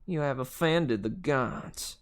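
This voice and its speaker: A man's voice: medium pitch, clear, resonant tone, lightly acted. A man voicing a menacing female Fury, a hissing demon, with a put-on Southern accent in a storybook reading. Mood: threatening. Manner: slow, drawn-out threats. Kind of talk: read-aloud storybook voice.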